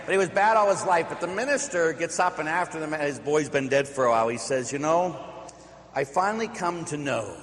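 Middle-aged priest giving a homily, kinda high voice, long church echo, tells stories and hits the big lines slow. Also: male voice, fairly bright tone. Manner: storytelling, emphatic with slow stressed lines. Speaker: Catholic priest. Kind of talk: sermon.

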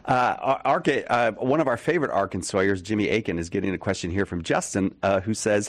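A man's voice: lowish voice, a little fast, hardly any pauses, no echo. A man hosting a radio-style talk show, playful and self-mocking, laughing often as he chats with his guest. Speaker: podcast host.

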